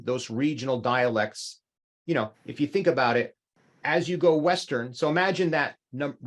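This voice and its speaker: Man, language teacher, mid-pitched, explanatory, animated on examples. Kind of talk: online language class. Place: home, speaking into a small microphone.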